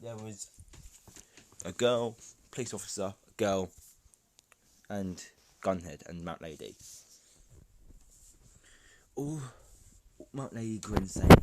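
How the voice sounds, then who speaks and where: A man's voice: lowish voice, a little mellow. A man improvising a fan-fiction story in a rambling way, correcting himself and chatting to listeners.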